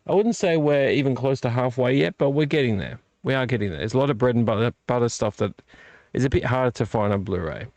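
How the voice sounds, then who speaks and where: A middle-aged man hosts a casual late-night live vlog from his home collection room, tired and yawning at his desk microphone. He rambles, corrects himself, and chats with the live chat in a mid-range, darkish voice on a dry recording.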